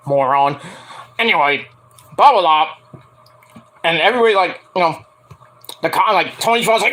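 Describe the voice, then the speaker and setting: A man's voice: high-pitched, normal speed, low-quality recording. A man giving a casual, profane wrestling recap, acting out quotes with lots of ums. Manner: animated, acts out quotes, frequent ums. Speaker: wrestling reviewer.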